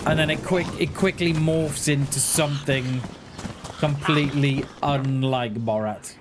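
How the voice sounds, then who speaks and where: In an unhurried, steady, mid-range voice, a man chats while livestreaming a game. His rambling talk is peppered with chuckles and self-mocking asides, and the background is noisy.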